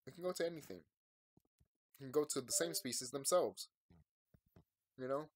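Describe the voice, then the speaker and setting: Casting: sleepy man, late-night rambling vlog rant, plain mid pitch, dry close sound. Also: moderate pace, no echo. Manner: rambling, swings from quiet and tired to loud and ranting. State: sleepy, yawning. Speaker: vlogger. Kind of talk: late-night emotional monologue to viewers.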